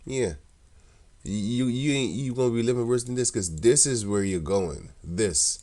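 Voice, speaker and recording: A man's voice: mid-range voice, a little slow, dark tone. A man giving casual scripture commentary, laughing often and speaking in a mocking, scornful, rambling way. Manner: loose and rambling, with many restarts. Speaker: religious commentator.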